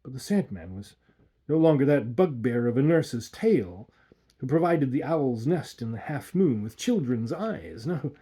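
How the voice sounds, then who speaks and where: A man reading a classic horror tale aloud with an expressive, theatrical delivery. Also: mid-range voice.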